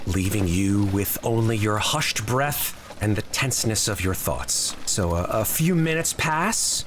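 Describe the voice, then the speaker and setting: A man's voice: medium pitch, a little hiss or hum. A man acting as game master, narrating a tabletop game in vivid, descriptive storytelling.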